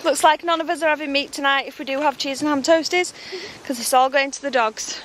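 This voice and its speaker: A woman's voice: fairly even intonation, a little fast, a bit bright, slight background noise. A woman chatting casually in a family vlog, cooing at stray dogs in a singsong. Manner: coos at dogs in a high singsong. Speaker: family vlogger.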